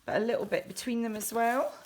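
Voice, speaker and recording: With a slightly high, steady voice and a fast pace, a children's book author guides kids through a craft at home, joking around and describing each step as she goes.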